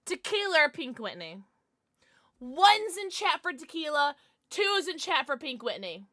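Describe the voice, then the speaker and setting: A woman's voice: high voice, very animated, unhurried, fairly bright tone, dry recording, studio quality. A young woman live-streaming, chatting casually and bubbly as she reads her chat aloud, gasping and laughing often.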